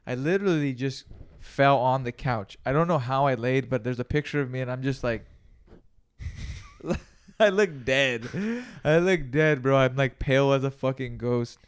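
A man co-hosting a podcast, telling a story in a casual, profane and animated way, acting out gasps and quoted lines. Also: medium pitch, normal speed, smooth. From California. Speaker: podcast co-host.

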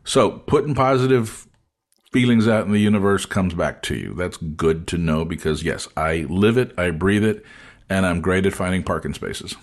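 A man with a lowish voice tells a long anecdote to his guest, jumping into other characters' voices as he goes. His delivery is casual and chatty, the easy pace of a show host sharing a personal story. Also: moderate pace. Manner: animated storyteller acting out dialogue. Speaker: podcast host.

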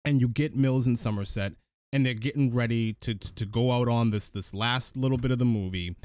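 A man on a podcast recapping a film in casual chat, an animated storyteller who restarts his sentences often. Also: medium pitch, fairly quick, no echo. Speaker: podcast co-host.

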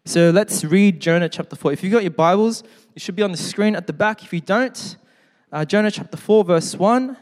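Male pastor, slightly high voice, casual preaching with jokes, scripture readings, echoing church hall. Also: normal speed. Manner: conversational, joking asides; reads scripture aloud. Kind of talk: sermon. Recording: long hall reverb.

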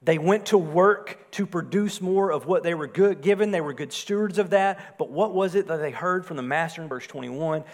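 A man preaching a sermon, swelling louder on his points and dropping soft and low on key phrases. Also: moderate pace, hardly any pauses. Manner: rises in volume for emphasis, drops low and soft on key phrases. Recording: long hall reverb.

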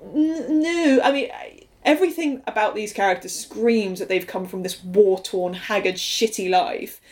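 A woman co-hosting a casual chat, critiquing a show with lively, sweary energy and acted-out quotes. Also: mid-range voice, moderate pace. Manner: animated, acts out quotes, swears freely. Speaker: podcast co-host.

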